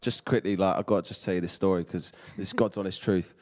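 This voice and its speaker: A man with a slightly low voice rattles off a story at speed. He tells it with animation and acts out the people in it. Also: fairly even intonation, fast. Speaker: actor guest. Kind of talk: anecdote on a talk show.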